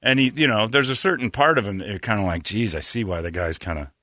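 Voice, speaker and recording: A man's voice: lowish voice, quick pace, no room sound, clean studio sound. A man hosting a podcast in casual chat, telling stories with put-on voices and laughter. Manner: animated storytelling with mocking voices and laughs. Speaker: podcast host.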